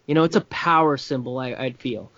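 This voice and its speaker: A man's voice: mid-range voice, a little fast, a bit bright, dry recording, highs cut off. A man in casual film talk, rambling with many restarts and fillers.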